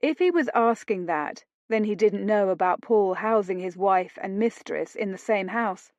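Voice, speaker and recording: A woman narrating an audiobook romance in a slow, deliberate reading. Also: medium pitch, darkish tone, dry recording, muffled recording.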